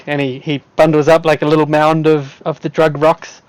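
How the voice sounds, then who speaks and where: A man's voice: a little high, little pitch movement, moderate pace, hardly any pauses, a little mellow, dry recording. A man running a tabletop game as game master, narrating in a casual, playful way and laughing often.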